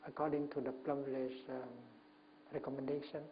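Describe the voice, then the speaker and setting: A man, a Buddhist monk, giving a Dharma talk at a retreat, speaking gently in short phrases with many pauses and fillers. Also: medium pitch, level tone. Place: retreat talk before an audience. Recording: muffled lo-fi recording with faint hum.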